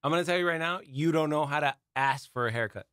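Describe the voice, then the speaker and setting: A man's voice: a little high, fast, fairly bright tone, no echo, clean studio sound. A man co-hosting a comedy podcast who banters, teases and laughs a lot. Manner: teasing, laughs often. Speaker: co-host, barber. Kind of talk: casual banter.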